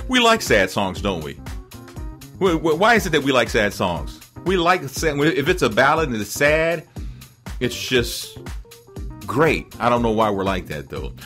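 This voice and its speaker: A man's voice: mid-range voice, sharp tone. A man hosting his own internet show, riffing casually on celebrity news in a rambling, chatty way. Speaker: podcast host.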